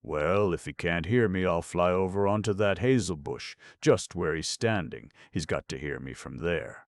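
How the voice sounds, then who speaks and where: A man's voice: deep voice, expressive, normal speed, dry recording, studio quality. A man voicing a gossipy magpie who chatters on, excusing herself, in a storybook reading. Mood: chattering. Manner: gossipy, laughing.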